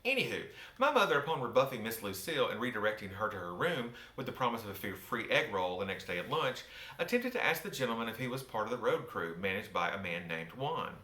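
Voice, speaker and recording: A man's voice: fairly low pitch, sing-song, quick pace, bright, forceful tone. Wry Southern man telling a story. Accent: Southern US, softened. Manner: wry, theatrical, with joking asides to the listener. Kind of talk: personal storytelling from his book. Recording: roomy echo.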